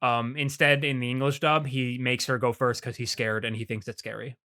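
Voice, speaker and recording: A man's voice: medium pitch, level tone, moderate pace, bright, forceful tone. A young man co-hosting a podcast, recapping an episode in loose, profane casual chat and laughing often. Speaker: podcast co-host.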